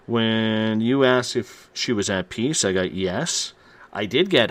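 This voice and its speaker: A man hosting a radio show, reading out listener responses from the chat in an unhurried way. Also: on the low side, expressive, no room sound.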